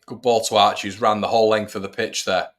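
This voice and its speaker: A man's voice: on the low side, little pitch movement, fast talker. A man hosting a football fan watch-along, giving chatty live commentary and talking to his viewers. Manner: chatty, addresses viewers as everybody. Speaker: fan channel host.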